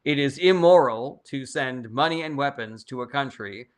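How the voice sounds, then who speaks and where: A man's voice: mid-range voice, moderate pace. A young man hosting a casual livestream, reading chat questions aloud and answering them in a blunt, profane, opinionated way.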